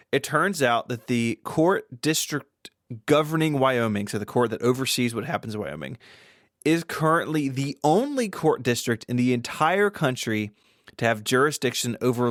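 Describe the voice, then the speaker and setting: Male co-host, dry teasing delivery, mid pitch, dead studio sound. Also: animated, normal speed, no echo. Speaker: podcast co-host. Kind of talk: scripted comedy podcast banter.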